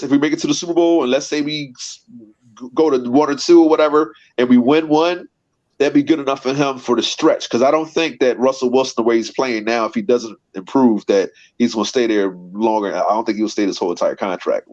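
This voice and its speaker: A man's voice: medium pitch, darkish tone. Man arguing football on a lo-fi line. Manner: argumentative, repeats words while building a point. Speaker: podcast co-host. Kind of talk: casual sports debate. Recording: dull lo-fi sound.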